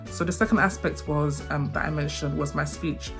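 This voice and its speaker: A young woman with a lowish voice tells her own story quickly, doubling back and repeating words as she goes. Soft music plays faintly behind her. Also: fairly even intonation, creaky. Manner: fast talker who repeats and trips over words. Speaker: vlogger. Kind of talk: personal storytelling to camera. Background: faint background music.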